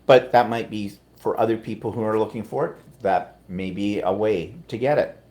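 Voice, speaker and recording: A man's voice: lowish voice, normal speed, a little mellow. A middle-aged Canadian man with a Canadian accent, chatting casually on a live stream and reading out viewer comments.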